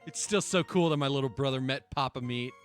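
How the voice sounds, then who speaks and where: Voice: medium pitch, brisk, soft background music. A game streamer reading dialogue aloud and joking around, playful, swearing often, trying out silly voices. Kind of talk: casual gameplay commentary reading dialogue aloud.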